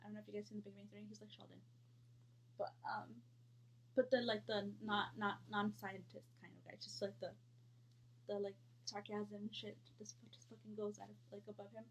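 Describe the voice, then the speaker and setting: A woman's voice: mid-range voice, little pitch movement, fairly quick, slight background noise. A woman in her thirties telling a storytime vlog in a blunt, heated, profane way.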